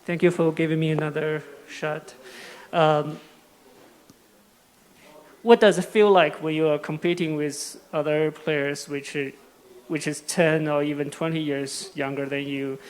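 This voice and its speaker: A male reporter asking a question in a halting way, full of fillers and restarts. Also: fairly high pitch, steady tone.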